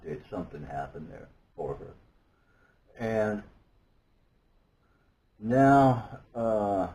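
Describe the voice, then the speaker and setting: Deep-voiced man, halting and awed. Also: dark tone, a little hiss or hum, rough recording. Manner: halting, searching for words, with many restarts; earnest and awed. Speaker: guest telling his story. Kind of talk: personal testimony.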